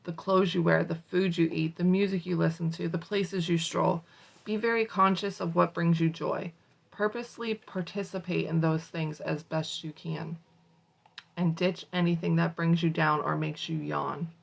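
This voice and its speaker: A woman's voice: on the low side, steady tone, moderate pace, gravelly, poor audio. A woman hosting a morning motivation show, reading a self-help book aloud with casual, salty asides. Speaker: motivational host.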